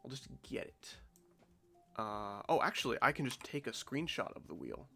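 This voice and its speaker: A young man talks casually on a live game stream, congested and nasal. He rambles in an offhand, jokey way, and his gravelly voice rises and falls over a wide range. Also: mid-range voice, big pitch swings, moderate pace, pushed and bright, soft background music.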